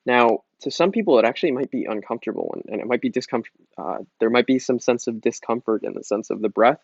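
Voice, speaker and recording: A man's voice: medium pitch, quick pace, gravelly, husky, no room sound. Casual male yoga teacher, easygoing and joking, dry muffled recording. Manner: relaxed and chatty, jokes around, restarts often. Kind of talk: casual guided breathing lesson.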